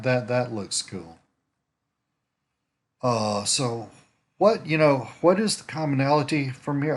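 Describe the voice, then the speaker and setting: A man in casual screen-share commentary, thinking aloud as he browses profiles, rambling with restarts and asides, talking from home. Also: mid-range voice. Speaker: network marketer prospecting on a social site. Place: at home in winter.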